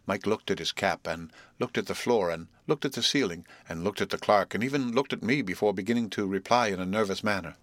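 Low-voiced male audiobook narrator. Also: a little fast, a bit bright, no room sound. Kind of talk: scripted narration.

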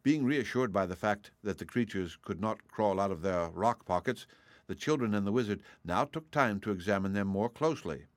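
A man narrating a children's fantasy audiobook in a steady, measured reading. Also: fairly low pitch, no room sound.

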